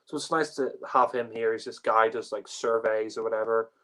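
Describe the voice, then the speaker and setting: A man's voice: lowish voice, steady tone, fairly quick, fairly bright tone, poor audio. Rambling man giving a casual review. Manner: rambling, many fillers and restarts. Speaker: podcast panelist reviewing a TV story.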